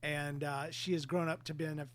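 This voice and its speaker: A man's voice: a little high, little pitch movement, moderate pace. A man in his forties, a podcast host, talking candidly about family in casual chat, laughing between thoughts.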